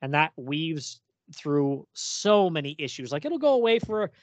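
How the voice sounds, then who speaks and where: Male podcast co-host, animated comics talk, lightly higher voice, dry close recording. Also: unhurried, no room sound, highs cut off. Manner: animated, acts out quoted dialogue in reading. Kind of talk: casual chat.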